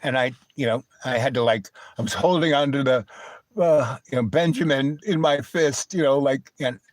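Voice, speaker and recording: A man in the middle of his voice range, spinning a loose, wandering anecdote for his live stream. He doubles back and digresses as he goes. The sound is dry and close, with no room echo. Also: medium pitch. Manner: meandering, digressive, full of asides. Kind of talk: rambling personal storytelling.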